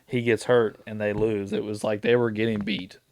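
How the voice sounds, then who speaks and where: A man's voice: lowish voice, fairly even intonation, moderate pace, gravelly, a little mellow, no room sound, clean studio sound. A man co-hosting a casual sports chat, rambling with many fillers and restarts. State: sleepy, yawning. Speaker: podcast co-host.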